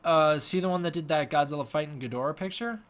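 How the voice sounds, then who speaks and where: A man hosting a casual live-stream Q&A, giving offhand, halting answers to chat questions. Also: a little high, fairly bright tone. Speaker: host.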